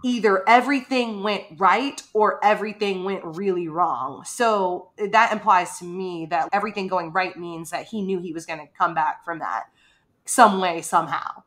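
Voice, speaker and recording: A woman's voice: lowish voice, moderate pace. A woman co-hosting a podcast, chatting casually and animatedly about a book and acting out lines from it. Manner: chatty, animated, acts out quotes. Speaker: podcast co-host.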